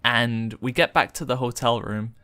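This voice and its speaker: A man's voice: medium pitch, fairly even intonation, normal speed, bright, forceful tone, clear, resonant tone, no room sound. A young man telling a rambling, chatty story with lots of fillers while streaming a game. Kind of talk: casual storytelling while gaming.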